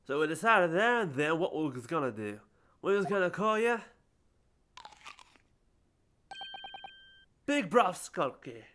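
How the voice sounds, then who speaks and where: A man's voice: a little high, very animated, normal speed, pushed and bright, pitched above the performer's own voice. Man putting on a brash Cockney street tough. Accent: Cockney (put on). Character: rowdy young male street brothers. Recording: game music behind.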